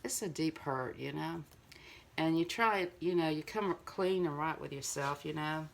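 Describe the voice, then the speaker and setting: A woman's voice: deep voice, measured pace, creaky. Older woman, earnest rambling talk. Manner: rambling, earnest, full of "you know". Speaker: vlogger. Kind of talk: casual heartfelt monologue to viewers.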